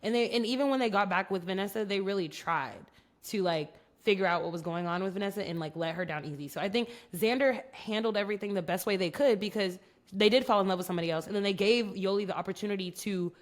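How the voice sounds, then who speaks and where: This young woman co-hosts a podcast, speaking quickly at a medium pitch. She chats frankly and shares her opinions.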